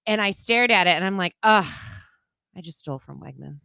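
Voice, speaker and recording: A woman in casual podcast chat, wry and laid-back as she tells a small story of her own. Her voice sits somewhat low, and the recording is close and dry. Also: animated, a little fast, gravelly, pushed and bright, dry recording. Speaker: podcast co-host.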